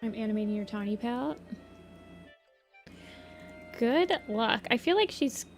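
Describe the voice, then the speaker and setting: A woman with a slightly high voice chats casually on her drawing livestream. She reads her viewers' messages aloud and answers each one in a relaxed way. Soft music plays quietly behind her. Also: measured pace, vocal fry. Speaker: art streamer.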